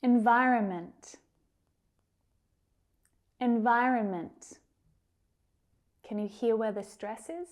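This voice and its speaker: A woman teaching English pronunciation, saying words slowly and carefully with drawn-out enunciation, then using them in example sentences. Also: a little high, steady tone. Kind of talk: pronunciation lesson.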